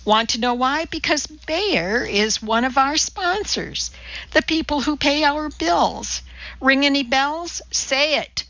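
Woman doing perky, pushy female assistant, bright and lifted, audiobook read. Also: high-pitched, lively intonation, slow, no room sound, pitched above the performer's own voice, exaggerated voice. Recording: dull lo-fi dry audiobook recording.

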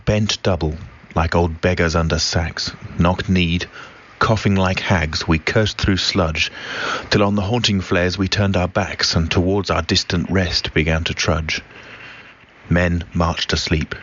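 A man reciting a war poem in a grave, deliberate reading. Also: low-pitched, fairly even intonation, a bit bright. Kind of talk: poetry recitation. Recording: dull recording with faint noise.

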